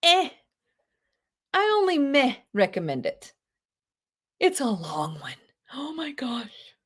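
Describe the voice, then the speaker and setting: Chatty teacher on a video call. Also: female voice, high voice, slow pace, husky. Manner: lively, chatty, gasps with delight, quotes movie lines in put-on voices. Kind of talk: live online class, casual teaching.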